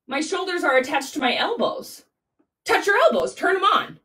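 A woman leads a children's yoga class in a bright, high voice. She swoops through a wide range in a playful, sing-song way. The sound comes from a mic set some way off in a home room. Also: big pitch swings, normal speed, distant mic. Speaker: kids' yoga teacher.

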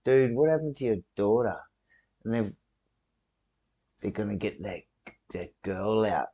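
A man talking through his reaction to a show in a slow, unhurried way. He is chatty and casual, and swears freely. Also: fairly low pitch, lively intonation, warm tone, breathy edge, highs cut off. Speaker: video reactor.

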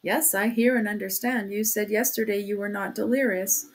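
A woman's voice: medium pitch, fairly even intonation, moderate pace, close to an everyday voice. A woman reading aloud as a talkative, sly male criminal investigator who chats in a chummy, insinuating way. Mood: sly, probing. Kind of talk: audiobook reading.

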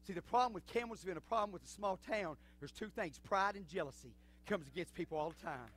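A male pastor preaching a sermon in a church, swinging from low, quiet talk to fervent shouting. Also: quick pace, few pauses. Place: church sanctuary.

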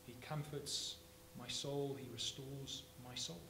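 A man preaching a sermon as pastor, swinging from hushed phrases to loud emphatic ones. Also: mid-range voice, steady tone, slow. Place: church sanctuary. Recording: echoey church, faint hum.

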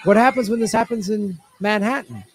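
A man hosting his own show, delivering an indignant, sarcastic political commentary monologue that swings between loud outbursts and muttered asides. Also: sits high, fairly quick, a little hiss or hum. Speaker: show host.

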